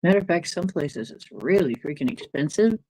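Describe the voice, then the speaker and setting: A woman's voice: sits low, lively intonation, normal speed, darkish tone, dry recording, poor audio. A middle-aged woman hosting a casual livestream, rambling from topic to topic and reacting to chat comments as they come in. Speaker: livestream host reading chat.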